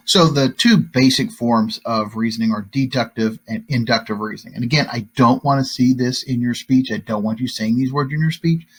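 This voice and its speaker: A man teaching a recorded lesson to high school students, talking conversationally with lots of fillers and tag questions. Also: moderate pace, husky. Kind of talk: recorded classroom lecture.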